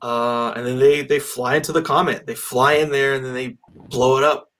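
A man's voice: mid-range voice, fairly even intonation, moderate pace, fairly bright tone. A man in casual conversation about a film, rambling with lots of fillers and restarts. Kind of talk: casual movie discussion.

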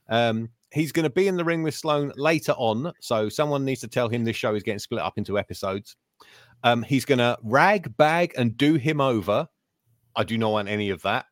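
A man's voice: mid-range voice, expressive, normal speed, dry recording. Sardonic man, dry close sound. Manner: sardonic, swears, mimics people in quotes. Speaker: podcast co-host. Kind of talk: casual chat.

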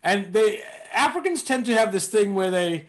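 A comedian from London with an American-tinged accent, joking and rambling in a casual interview. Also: male voice, high voice, lively intonation, moderate pace. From London, England. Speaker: comedian guest.

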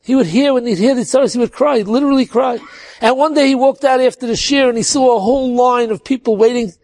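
High-voiced man telling an earnest story. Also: fast talker, darkish tone. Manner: earnest, sprinkled with Hebrew and Yiddish words.

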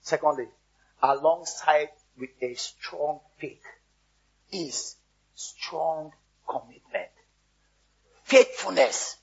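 Husky man preaching. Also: fairly high pitch, takes it slowly, long pauses, dull audio. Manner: storytelling, repeats words for emphasis, exhorts the congregation. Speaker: pastor. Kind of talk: sermon.

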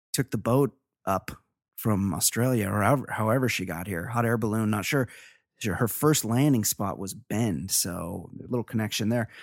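A man's voice: fairly low pitch, no echo, studio quality. A middle-aged man co-hosting a casual podcast, reading listener emails and telling rambling, crude stories with plenty of swearing. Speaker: podcast co-host.

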